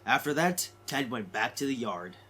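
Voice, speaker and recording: A man narrating a cartoon story in a plain, steady manner. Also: mid-range voice, normal speed, slight background noise.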